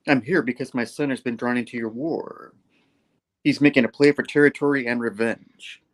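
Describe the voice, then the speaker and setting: A man doing a measured, menacing crime boss. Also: mid-range voice, steady tone, lightly acted.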